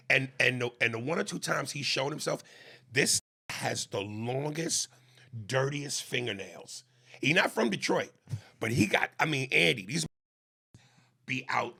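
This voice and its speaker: A man co-hosting a podcast, ranting comedically with an animated delivery and mocking impressions. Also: mid-range voice, creaky, slightly rough. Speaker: podcast co-host. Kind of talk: comedic rant.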